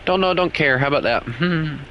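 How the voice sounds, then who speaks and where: A man's voice: on the high side, a little fast, highs cut off, slight background noise. A man with a Southern US accent giving rambling, casual commentary while playing a game. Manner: rambling, full of "like" and restarts. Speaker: gaming streamer.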